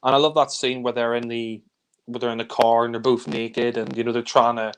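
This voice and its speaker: A man's voice: medium pitch, little pitch movement, a little fast, clear, resonant tone. A man reviewing films in casual chat, giving a rambling, loose recap of the plot. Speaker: film reviewer.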